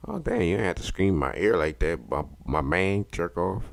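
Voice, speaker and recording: A man's voice: low-pitched, lively intonation, moderate pace. A man hosting, reading aloud and commenting in a loose, profane way, stumbling over words. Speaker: host reacting and reading aloud. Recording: voice over clear background music. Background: music.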